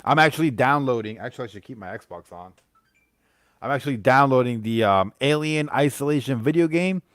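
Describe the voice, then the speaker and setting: A man's voice: medium pitch, expressive, brisk, a bit bright, no echo, clean studio sound. A man streaming live, chatting casually about movies with his viewers and a guest, rambling with many fillers and restarts.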